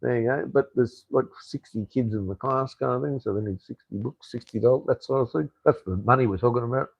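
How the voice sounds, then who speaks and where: A man's voice: mid-range voice, fairly quick, vocal fry, breathy edge, dry recording, highs cut off. An Australian man hosting a casual live stream, chatting in a rambling way, swearing freely and answering viewer comments with lots of fillers and restarts. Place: home in Cambodia.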